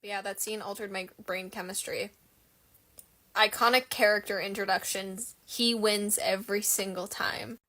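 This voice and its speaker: A woman's voice: mid-range voice, fairly even intonation, moderate pace, bright, forceful tone. A woman in her twenties chatting casually as a fan content creator, rambling and gushing with self-deprecating humor. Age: 20s. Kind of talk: casual chat.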